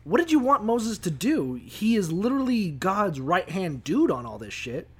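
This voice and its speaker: A man co-hosting a casual podcast, rambling, swearing often and acting out quick quotes. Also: high-pitched, very animated, husky. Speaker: podcast co-host. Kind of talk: casual profane chat.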